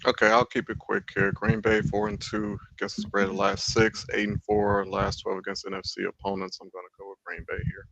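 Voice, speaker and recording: A man's voice: lowish voice, little pitch movement, a little fast, vocal fry, few pauses, bright, forceful tone, dry recording. A man on a panel giving brief, stat-heavy betting picks in a casual chat. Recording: dull lo-fi, dry.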